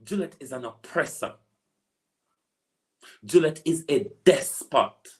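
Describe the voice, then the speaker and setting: A man's voice: on the high side, lively intonation, slow pace, darkish tone. A man with a Jamaican accent, an online political commentator delivering a preachy, repetitive rant full of rhetorical asides. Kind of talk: ranting monologue.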